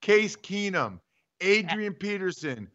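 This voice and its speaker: A man's voice: high voice, very animated, takes it slowly, a bit bright. A man co-hosting a sports-betting show, teasing and mocking in casual banter. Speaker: co-host. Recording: dull lo-fi audio.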